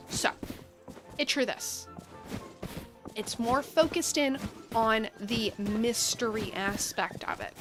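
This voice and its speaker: A woman with a slightly high-pitched voice chats casually while streaming a game. She rambles from one enthusiastic tangent to the next, talking from her seat at a gaming setup.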